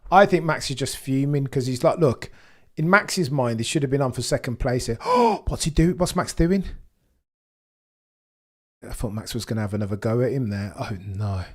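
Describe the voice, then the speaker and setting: A young man hosting a live race watchalong, commentating casually and reacting with excitement. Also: mid-range voice, fairly quick. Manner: excitable, exclaims and gasps at on-track action.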